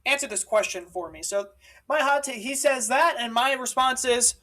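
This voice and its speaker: A male podcast co-host in casual chat who gets excited quickly and cuts in on the other speaker. He jokes around and riffs freely. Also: extremely high pitch, low-quality recording. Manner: excitable, interrupting, jokey.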